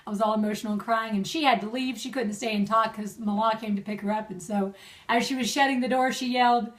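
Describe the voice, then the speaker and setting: A young woman talks chattily and laughs easily as she gives friends marriage advice. Her voice sits fairly high and sounds a little distant from the mic, as if recorded at home. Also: steady tone, fast talker. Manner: warm, chatty, laughs often. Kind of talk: casual video message.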